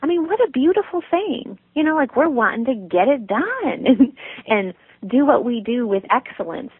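A woman guest in a conversational interview, with a gentle, nurturing tone, telling stories and laughing easily. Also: sits high, lively intonation, normal speed, slightly rough, no room sound. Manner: warm storytelling, laughs easily. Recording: phone-like line, dry.

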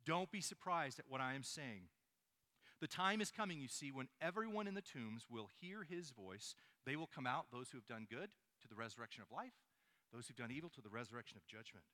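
A man's voice: mid-range voice, expressive, a little fast, sharp tone. A man preaching a sermon, asking his listeners rhetorical questions and reading scripture aloud. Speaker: pastor.

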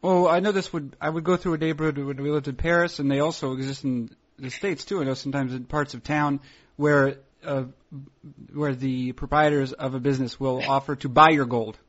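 A man's voice: mid-range voice, fairly even intonation, a little fast, fairly bright tone. A man chatting casually as a podcast co-host, rambling with restarts and laughs. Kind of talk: casual chat. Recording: dull lo-fi recording.

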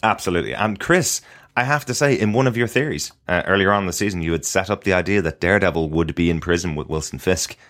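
Deep-voiced Irish man hosting a podcast. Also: fast. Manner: animated, laughs often, reads synopsis aloud. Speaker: podcast host. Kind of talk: casual podcast discussion.

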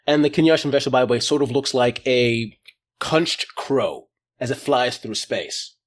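A man's voice: mid-range voice, animated, moderate pace. A man running a tabletop role-playing game as game master, joking about how his plans went wrong. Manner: jokey, laughing at his own plans going wrong.

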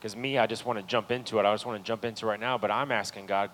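A man preaching a sermon as pastor in a church, talking earnestly to the congregation and building to loud, pleading peaks. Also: fairly low pitch, steady tone, racing, rough recording. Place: church sanctuary.

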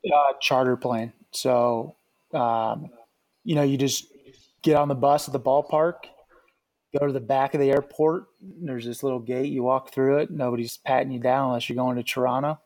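Man, ex-pitcher, relaxed storyteller, mid-pitched voice, loose casual delivery. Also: normal speed. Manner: laid-back, says "dude" a lot. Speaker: former pitcher sharing stories.

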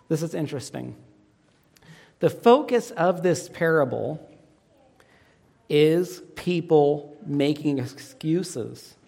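A pastor preaching a sermon who asks the congregation fill-in questions and swings dramatically in pitch and loudness. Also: male voice, gravelly. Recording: long reverb of a church hall.

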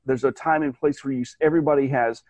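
Rambling, animated man in casual chat. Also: mid-range voice, fast, no room sound. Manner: rambling and animated, with restarts and mock voices.

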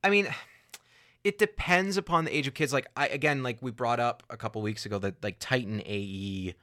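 A young adult man co-hosting a podcast, chatting casually in an animated, rambling and sarcastic way. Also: mid-range voice, brisk. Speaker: podcast co-host. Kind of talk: casual chat.

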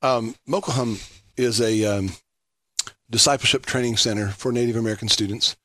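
Man, Oklahoma accent, radio guest, halting with ums, dry sound. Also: medium pitch, steady tone, sharp tone, no room sound. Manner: hesitant, many ums, plain-spoken. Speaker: discipleship school leader.

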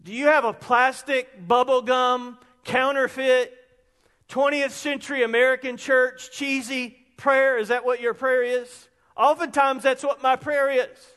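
Preacher, man in his fifties, very high voice, long hall reverb, animated sermon. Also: a little slow, clear, resonant tone. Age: 50s. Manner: animated preaching, builds to shouts on quotes. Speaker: pastor. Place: church sanctuary.

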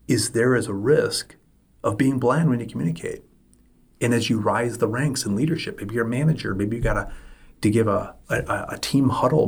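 A man's voice: fairly low pitch, vocal fry, breathy edge. A middle-aged man hosting a solo podcast, talking emphatically and repeating his points for stress. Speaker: podcast host.

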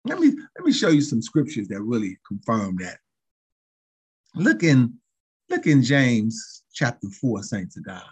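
Husky preacher man, rising and falling. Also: huge pitch swings, unhurried. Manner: call-and-response preaching with frequent "saints" and "thank you, Jesus"; chuckles between phrases, pitch swings widely. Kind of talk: sermon.

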